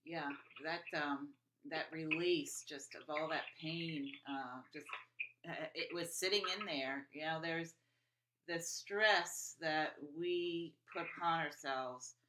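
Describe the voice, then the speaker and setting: Bright-toned woman hosting an interview. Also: low-pitched, slow pace. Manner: reflective, with hesitations. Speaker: host. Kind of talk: conversational interview.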